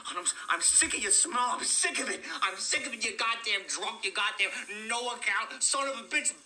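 An actor playing a bitter, volatile young lighthouse hand who rants and curses in rough backwoods grammar. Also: male voice, high voice, moderate pace, sharp tone, echoey room. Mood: seething disgust. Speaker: film character. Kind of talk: film dialogue.

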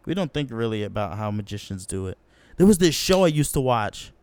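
Smooth-voiced young man telling animated stories. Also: brisk, no room sound. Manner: animated, profane, slangy, acts out quotes in a higher voice. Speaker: podcast host. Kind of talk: casual solo storytelling.

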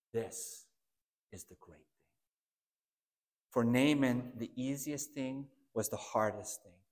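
A man preaching a sermon as pastor, swinging between hushed asides and loud, emphatic outbursts. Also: mid-range voice, long reverb tail.

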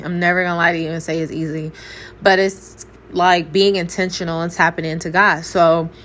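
A woman's voice: on the low side, fairly bright tone. A young adult woman gives a candid, preachy faith testimony, speaking straight to her viewers in a casual way. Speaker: faith vlogger. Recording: faint background noise.

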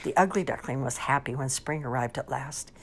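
A woman reading storybooks aloud in an expressive, lively storytelling manner. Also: very deep voice, a little fast, breathy edge. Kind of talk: animated storybook read-aloud.

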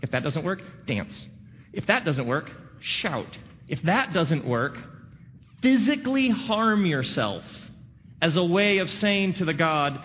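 A man preaching a sermon, sardonic and full of dramatic pauses. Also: on the high side, very animated. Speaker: pastor. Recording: dull recording in a reverberant hall, faint noise.

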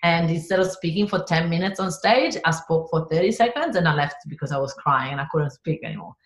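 A woman with an Italian accent, a business coach telling stories in a podcast interview, animated and laughing often. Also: lowish voice, brisk, roomy sound. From Italy.

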